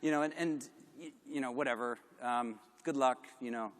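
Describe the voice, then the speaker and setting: A middle-aged man giving a candid conference talk, animated and self-deprecating, with lots of fillers. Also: a little high, fast. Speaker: conference speaker. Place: large conference hall. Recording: long hall reverb.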